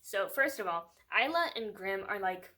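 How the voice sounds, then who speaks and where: A woman's voice: mid-range voice, lively intonation, normal speed, bright, forceful tone. A young woman reviewing a book in a casual, sarcastic chat, with lots of "like" and frequent laughter. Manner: chatty and sarcastic, fills with "like", laughs often.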